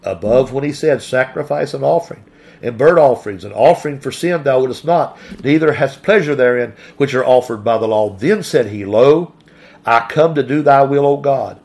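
A male preacher with a husky, slightly breathy voice delivers an earnest sermon. He reads scripture slowly and deliberately, then turns to his listeners with repeated questions. His voice sits at an ordinary middle pitch. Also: animated, darkish tone.

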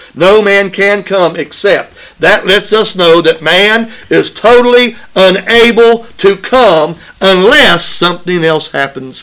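A man preaches an emphatic, repetitive sermon, repeating phrases for stress and often asking his listeners "right?" in call-and-response fashion. His voice is high and a bit bright, and the audio quality is poor.

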